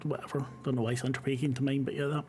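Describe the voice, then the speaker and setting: A man running a horror tabletop game as game master, setting scenes in a halting, descriptive way. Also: medium pitch, level tone, a little mellow, a little hiss or hum. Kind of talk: narrating a horror tabletop game over a call.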